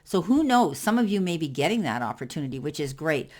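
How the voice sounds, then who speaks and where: Woman tarot reader, fairly low voice, reassuring, filler words. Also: sing-song, fast, darkish tone. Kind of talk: tarot card reading.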